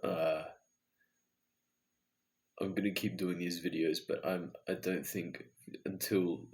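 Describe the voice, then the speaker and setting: A man with a deep, low voice records a late-night video diary. He sounds tired and talks in an earnest, searching way, thinking aloud to himself. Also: level tone, slow pace, a little mellow. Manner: earnest, introspective self-talk. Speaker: vlogger.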